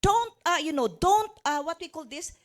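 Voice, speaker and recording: A woman's voice: very high voice, expressive, moderate pace. A woman giving a live seminar talk to an audience. She talks in a chatty, coaching way, jokes with the crowd, and often searches for words and restarts her phrases. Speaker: motivational speaker.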